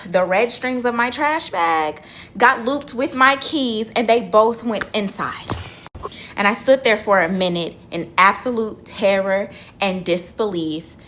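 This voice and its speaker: A young woman tells a story straight to her phone camera from her car, animated and dramatic, swearing freely. Her pitch sits in the middle of the range. A faint low rumble runs underneath. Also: unhurried. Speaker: vlogger. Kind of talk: casual storytelling vlog.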